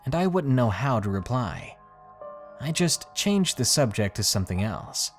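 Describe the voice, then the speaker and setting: A man's voice: medium pitch, sing-song, measured pace, faint music behind. Man narrating a creepy tale. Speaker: horror story narrator. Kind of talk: scripted narration of a creepy true story.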